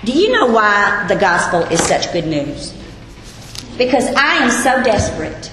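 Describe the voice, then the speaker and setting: A woman's voice: fairly high pitch, bright, forceful tone, slight background noise. A woman teaching a Bible lesson to a group, earnest and putting questions to her listeners. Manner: earnest, asks the audience questions. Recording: echoey hall with long reverb, faint ambience.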